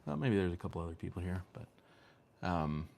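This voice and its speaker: A man's voice: low-pitched, very animated, moderate pace, creaky, a little mellow. A man streaming from home, chatting casually in a rambling, hesitant way with lots of ums and restarts. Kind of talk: casual chat. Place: home room with fan and lights.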